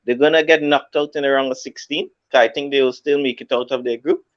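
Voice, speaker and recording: A man's voice: medium pitch, fairly even intonation, brisk. A man giving blunt, slangy football opinions in a casual chat, often restarting his sentences. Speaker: co-host. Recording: slightly dull audio.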